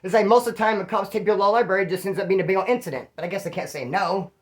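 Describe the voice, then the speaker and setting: A man's voice: sits high, racing. A man casually telling stories in a profane, slangy way, acting out other people's lines as he goes. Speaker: former inmate storyteller. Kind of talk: casual storytelling.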